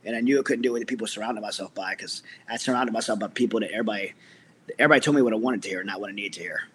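A man's voice: fairly low pitch, very fast, fairly bright tone, a little hiss or hum. A middle-aged man, a military veteran, earnestly telling his personal story as an interview guest, with many restarts.

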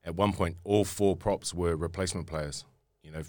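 Young kiwi guy, really low voice, rambles and restarts a lot, dry close mic. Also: fairly even intonation, moderate pace, darkish tone, no room sound. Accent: New Zealand. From New Zealand. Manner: rambling, repeats and restarts words often. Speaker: rugby player guest. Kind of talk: casual storytelling interview.

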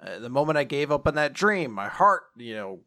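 A man speaking as an earnest young male king recounting his dream, in a halting, hesitant way with many fillers. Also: mid-range voice, very animated, sharp tone. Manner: hesitant, halting, full of "you know".

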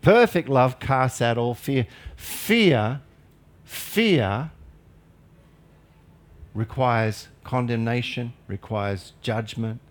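A male pastor preaching a sermon in an earnest, emphatic way with light humorous asides. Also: fairly low pitch.

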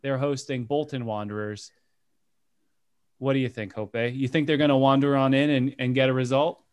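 A man hosts a relaxed football chat, running through the fixtures one by one. He jokes as he goes and asks the others for their picks. His voice sits at an ordinary middle pitch. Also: moderate pace, clear, resonant tone, lo-fi sound. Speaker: podcast host. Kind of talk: casual sports chat.

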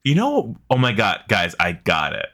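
Guy in his 30s co-hosting a podcast, kinda low voice but bright and forceful, jokey, swears a lot. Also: huge pitch swings, moderate pace. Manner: joking, swears freely. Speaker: podcast co-host. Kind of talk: casual chat.

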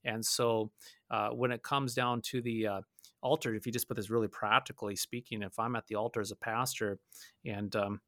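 A man's voice: fairly low pitch, flat delivery, moderate pace, a bit bright, no echo, clean studio sound. A man who is a pastor, talking earnestly on a podcast, often repeating words as he thinks. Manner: earnest, repeats words while thinking, mimics voices in anecdotes. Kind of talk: conversational podcast discussion.

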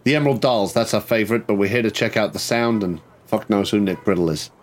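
A man's voice: fairly low pitch, quick pace. A man playing a tabletop game, talking in an easygoing, jokey way. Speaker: player. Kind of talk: tabletop game play, in character.

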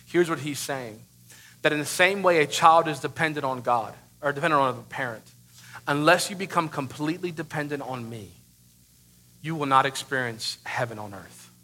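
A man in his thirties preaching a sermon as pastor, emphatic, with sudden loud bursts and rhetorical questions. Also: a little high, moderate pace.

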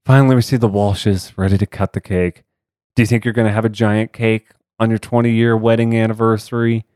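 A man's voice: fairly low pitch, a little fast, clear, resonant tone, no room sound, clean studio sound. A man in his thirties, co-hosting a casual podcast, recapping a TV episode with lots of swearing and laughter. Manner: animated, swearing, frequent laughs. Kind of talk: casual chat.

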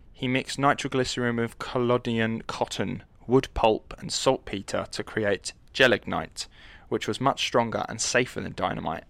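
A man's voice: mid-range voice, creaky, a bit bright, no echo. A man hosting a casual, joking history podcast, rambling and swearing freely as he tells the story.

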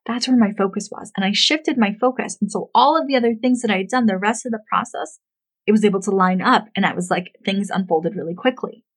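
A woman in her thirties, a love coach, telling a personal story in a chatty, animated way full of "like" fillers. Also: medium pitch, a little fast, husky, poor audio. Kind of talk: casual storytelling to camera.

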